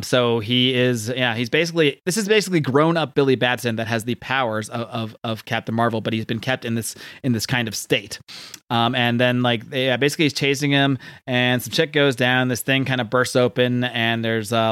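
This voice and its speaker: A man talks through a comic book plot in a loose, rambling recap, full of fillers and quick paraphrased dialogue. His voice sits in an ordinary middle register. The recording is dry and close, with no room sound. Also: mid-range voice, steady tone, a bit bright, clean tone, no echo.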